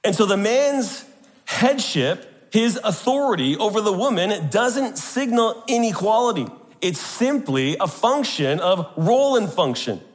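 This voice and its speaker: A man's voice: high voice, very animated, unhurried, long reverb tail. A man preaching a sermon to a congregation, emphatic and posing rhetorical questions.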